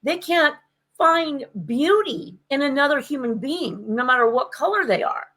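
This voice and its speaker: A woman in casual conversation who retells her experiences with animated emphasis, her voice jumping up when she makes a point. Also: high voice, moderate pace, poor audio. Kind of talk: casual chat.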